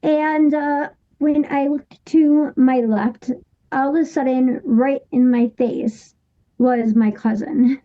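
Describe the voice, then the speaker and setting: A woman in her thirties recounts a personal story as an interview guest, her voice high and her pace slow and drawn out. She talks haltingly, stopping and restarting often. The recording sounds dull and lo-fi. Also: steady tone. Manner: halting, with many restarts and fillers.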